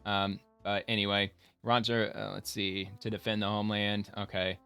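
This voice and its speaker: A man's voice: on the low side, flat delivery, moderate pace, sharp tone, clean tone, faint music behind. A man giving casual, rambling reaction commentary, talking loosely with lots of fillers and restarts. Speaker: online commentator.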